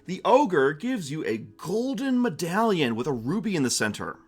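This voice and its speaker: A man's voice: a little high, big pitch swings, moderate pace, husky, faint music behind. A man narrating a tabletop game on his stream, casual and chatty, with lots of restarts.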